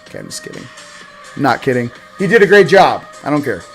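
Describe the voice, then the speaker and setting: A man hosting a spiritual livestream in casual chat, rambling and joking and swinging between loud bursts and quiet asides. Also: medium pitch, very animated, fast, gravelly, soft background music.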